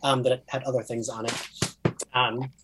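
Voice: mid-range voice, little pitch movement, moderate pace, background noise. Chatty speaker with a New Jersey accent. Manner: chatty, rambling, many fillers and restarts. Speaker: podcast co-host. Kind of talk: casual chat about a TV series.

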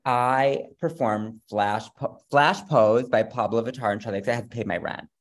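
At medium pitch and a normal speed, a drag performer from Madison, Wisconsin, talks as a guest in a casual interview. He gushes, camps it up, and leans on lots of playful slang.

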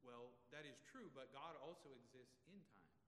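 A man's voice: medium pitch, moderate pace, fairly bright tone, a little hiss or hum. Male pastor preaching in a reverberant sanctuary. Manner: conversational, asks the congregation rhetorical questions. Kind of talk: expository sermon. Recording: long reverb of a large room.

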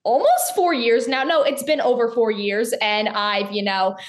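18 yr old girl filmmaker, chatty, lots of likes, kinda high voice. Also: a little slow. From North Carolina, USA. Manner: bubbly, chatty, many "like"s. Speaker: guest filmmaker. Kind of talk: casual interview talk.

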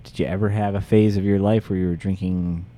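Male podcast host, warm low tone, wisecracking and profane. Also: level tone, a little fast. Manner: joking, profane, does mock voices. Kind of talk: casual chat.

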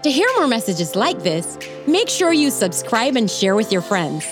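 A woman's voice: on the high side, very animated, normal speed, over music. A woman reading a friendly scripted outro for a podcast.

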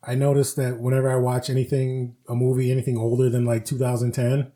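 A man co-hosting a casual podcast, telling stories with lively acted-out quotes. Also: mid-range voice, fast talker. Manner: animated storyteller, acts out quotes. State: recovering from flu. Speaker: podcast co-host. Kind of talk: casual chat.

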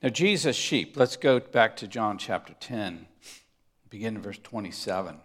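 A man preaching a sermon, emphatic, moving between loud stresses and hushed asides, often asking his listeners rhetorical questions. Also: fairly low pitch, expressive, moderate pace. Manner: asks the congregation rhetorical questions. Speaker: pastor.

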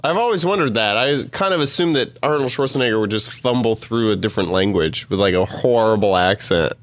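A man's voice: fairly low pitch, animated, fairly quick, dry recording. A man in casual podcast chat who asks wondering questions and often trails off to restart. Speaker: podcast panelist.

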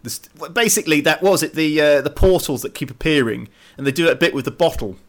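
A man's voice: on the high side, quick pace. Chatty man co-hosting a podcast. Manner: jokey, lively, breaks into laughs and silly voices. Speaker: podcast co-host. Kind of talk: casual film-review chat.

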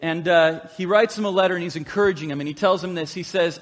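A man preaching a sermon to his congregation, telling a story in a lively, conversational way. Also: high voice, fast talker, few pauses. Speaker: pastor. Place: church sanctuary. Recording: long hall reverb.

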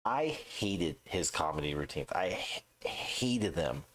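Very deep-voiced profane man ranting. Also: expressive, slow, fairly bright tone. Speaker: podcast co-host. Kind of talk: casual chat.

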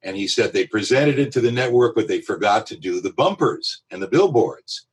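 A male voiceover artist telling a lively anecdote in an interview, with a husky voice. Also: lowish voice, normal speed, low-quality recording. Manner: animated anecdotal storytelling. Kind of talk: storytelling in an interview.

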